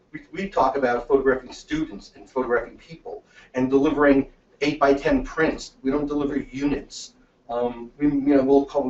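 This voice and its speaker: A man giving a webinar talk as presenter, telling stories in a lively way and acting out the dialogue. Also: mid-range voice. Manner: lively storytelling, acts out dialogue. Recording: echoey, distant, dull room sound.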